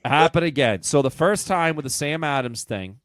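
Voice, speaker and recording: A comedian with a New England accent telling a profane, self-mocking story on a podcast. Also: male voice, a little high, lively intonation, moderate pace, a bit bright, no echo, clean studio sound. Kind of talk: casual storytelling chat.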